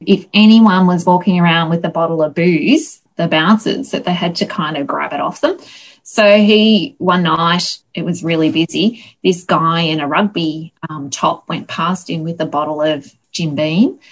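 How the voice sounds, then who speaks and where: A woman, a guest on an interview show, telling lively anecdotes in a casual, chatty way. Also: lowish voice, normal speed. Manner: chatty, animated anecdotes with laughs. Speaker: guest, local music historian.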